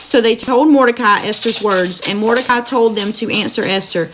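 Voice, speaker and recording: In a mid-range voice, a woman reads the Bible aloud slowly and lovingly during a live stream, chatting warmly with those watching between passages. The noisy recording comes from her home, where dogs are running about.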